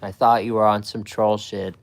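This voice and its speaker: A man's voice: on the low side, level tone, moderate pace, creaky. A young man streaming live, chatting casually with his viewers and swearing a lot. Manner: profane, talks to chat.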